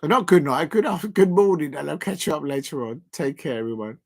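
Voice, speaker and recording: A man's voice: a little high, a little fast, vocal fry, darkish tone, breathy edge. Playful man chatting on a live stream. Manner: playful, repeats catchphrases, chuckles. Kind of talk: casual live stream chat.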